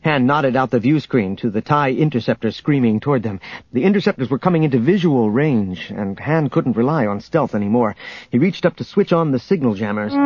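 Husky male audiobook narrator. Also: medium pitch, dry recording, dull audio. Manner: steady storytelling.

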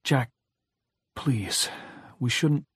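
A man's voice: medium pitch, drawn-out words, breathy edge, no echo, studio quality, full character voice. A man voicing an anxious young wife who is frightened and pleading, with a slightly raised voice.

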